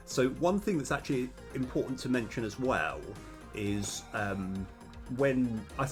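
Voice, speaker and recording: Young man, slightly low voice, slightly worn voice, rambling casual coding chat, lots of ums, faint music underneath. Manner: rambling, hesitant, many fillers and restarts. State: slightly losing his voice. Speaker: game dev streamer.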